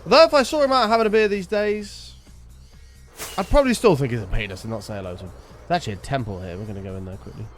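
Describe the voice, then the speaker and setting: A man's voice: medium pitch, fast talker, soft background music. A man chatting casually while streaming gameplay, rambling into sweary stories from his school days.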